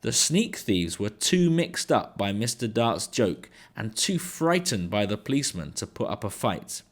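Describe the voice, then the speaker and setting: A man, an English teacher, reading a children's book aloud in an expressive storytelling manner. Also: lowish voice, measured pace.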